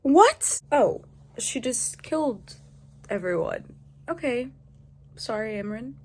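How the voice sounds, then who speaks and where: A woman with a high voice talks casually to camera about a book she is reading. She is excitable and gushing, dropping to hushed asides one moment and squealing the next. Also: slow pace, husky. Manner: excitable, gushing, swings between whispers and squeals. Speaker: book vlogger. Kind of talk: casual reading reaction vlog.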